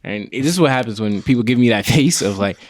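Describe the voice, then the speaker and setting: A man hosts a podcast in a loose, joking way, with a voice in the middle range. He gives shout-outs and acts out quotes while he asks questions. The sound is close-miked and dry. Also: mid-range voice, lively intonation, fast talker, dry recording. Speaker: podcast host. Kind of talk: casual interview chat.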